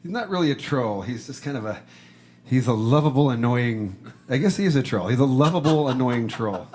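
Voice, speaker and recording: A man hosting a live stream, reading viewer comments in casual chat, joking and breaking into shouts and snatches of song. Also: medium pitch, a little fast, slight background noise. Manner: animated, jokey, shouts and sings bits.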